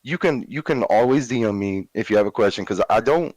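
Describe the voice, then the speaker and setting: A man's voice: on the low side, expressive, fairly quick, a crowd in the background, poor audio. A man calling into a stream, casually and defensively explaining himself. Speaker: call-in guest. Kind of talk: casual call.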